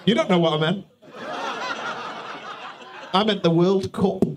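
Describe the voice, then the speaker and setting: A man's voice: high voice, noisy background. A male stand-up comedian doing crowd work on a comedy club stage, rambling and teasing, often cutting himself off mid-sentence. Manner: rambling, teasing, self-interrupting.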